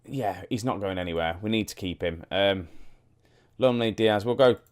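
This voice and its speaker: A man's voice: lowish voice, moderate pace. A young man casually commenting on his football management game, thinking aloud and talking straight to his viewers. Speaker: gaming YouTuber. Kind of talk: casual let's-play commentary.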